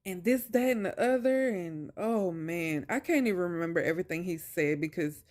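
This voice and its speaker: A woman's voice: on the low side, expressive, normal speed, a little mellow. A young woman vlogger telling a personal story in a casual, emphatic, colloquial way, with exasperated asides.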